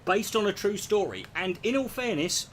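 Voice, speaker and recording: A man's voice: high voice, lively intonation, moderate pace, a little hiss or hum. A man performing a stand-up comedy routine, rambling and profane, slipping into impressions.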